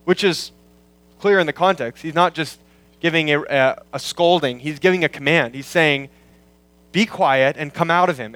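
A pastor working through a scripture passage in a sermon, explaining word meanings and repeating key lines for emphasis. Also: male voice, a little high, a bit bright, no echo, poor audio. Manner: quotes scripture in slowed, weighty tones. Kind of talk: expository sermon.

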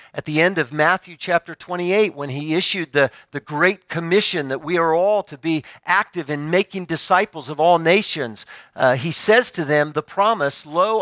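A man preaching a sermon in a measured, earnest way, slowing down to stress key phrases. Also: fairly high pitch, a bit bright, dry recording.

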